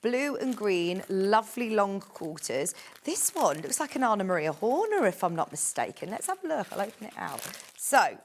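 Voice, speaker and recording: A woman's voice: mid-range voice, big pitch swings, normal speed, slight background noise. A woman presenting on a live home shopping show, chatty and gushing as she reads out prices and product codes. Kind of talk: live TV sales pitch.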